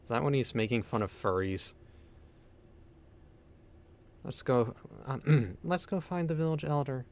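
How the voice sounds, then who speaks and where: A man commentating his own gameplay, excitable, pleading with the game and joking along. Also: mid-range voice, measured pace. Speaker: gaming video host. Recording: game music underneath. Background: game music.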